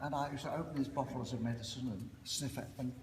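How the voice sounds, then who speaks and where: An older man with a Cockney accent giving an anecdotal, self-deprecating after-dinner speech with frequent pauses. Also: medium pitch, a little mellow. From East End of London. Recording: echoey hall with noise.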